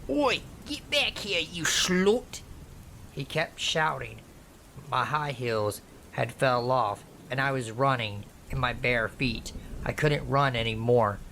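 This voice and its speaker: A man slowly narrating a true horror story in a measured reading voice. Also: mid-range voice, fairly bright tone, slight background noise. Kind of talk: scripted narration.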